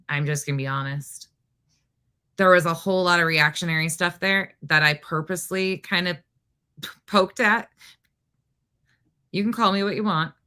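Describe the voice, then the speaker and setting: A woman's voice: fairly low pitch, bright, forceful tone. A woman hosting a casual livestream from home, talking in an exasperated, rambling way with lots of restarts. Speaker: livestream host.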